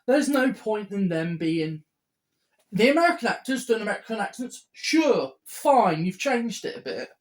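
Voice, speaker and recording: A woman's voice: mid-range voice, big pitch swings, normal speed. A woman co-hosting a podcast in casual chat, making dry, wry quips. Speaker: podcast co-host.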